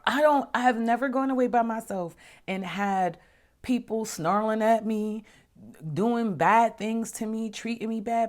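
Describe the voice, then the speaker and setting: A woman hosting her own podcast, telling personal stories in a chatty, animated way, acting out conversations and dropping to soft murmurs when she reflects. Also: measured pace. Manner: chatty, animated, acts out dialogue with big pitch jumps. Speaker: podcast host. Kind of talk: casual personal storytelling.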